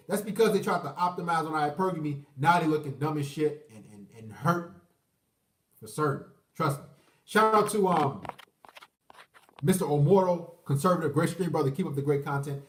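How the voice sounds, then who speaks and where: A man in his thirties hosting a livestream, ranting with profanity, rambling and mocking voices, giving shout-outs to viewers. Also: sits high, lively intonation, normal speed, recorded from a distance. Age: 30s. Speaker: livestream host. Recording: roomy echo, away from the mic.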